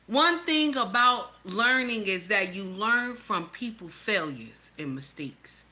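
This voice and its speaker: Bright and forceful at medium pitch, this middle-aged woman delivers profane reaction commentary. She's blunt and heated, swearing heavily as she lectures her viewers.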